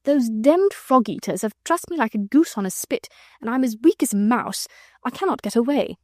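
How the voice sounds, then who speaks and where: Sir Percy, a drawling, weary gentleman, read by a woman. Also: on the high side, lively intonation, normal speed, no room sound, clean studio sound, lightly acted. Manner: drawly, lazy, good-humoured. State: weak and exhausted. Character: man, sleepy drawling affected English gentleman. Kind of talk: audiobook character reading.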